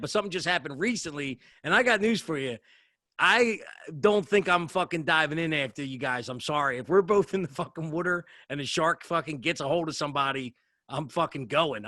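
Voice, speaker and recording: A man's voice: a little high, brisk, pushed and bright, dry recording. A man co-hosting a podcast, rambling in casual chat and swearing heavily for emphasis. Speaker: podcast co-host.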